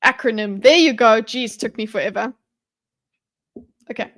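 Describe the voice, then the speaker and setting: A woman's voice: a little high, a bit bright. Chatty woman thinking aloud. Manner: rambling, self-interrupting, chatty with viewers, quick laughs. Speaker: live streamer. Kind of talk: thinking aloud while mind-mapping on a live stream.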